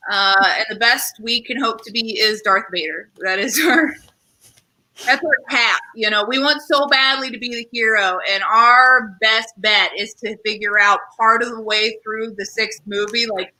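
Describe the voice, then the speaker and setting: With a measured pace and a sharp tone, a young woman whose voice is on the high side does a rambling stand-up set. She's a comedian and show host who mocks herself, fills gaps with fillers, and acts out voices, and the audio is rough.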